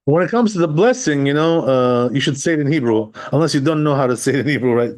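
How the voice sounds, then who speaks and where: A man teaching a religious text class in a casual, talky way. His voice is mellow and dark, never sharp. He reads a line of text, then explains it, and keeps asking "right?" along the way. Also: mid-range voice, lively intonation, quick pace. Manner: explains step by step, often checking with "right?"; reads Hebrew and Aramaic text, then translates. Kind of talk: conversational Torah class.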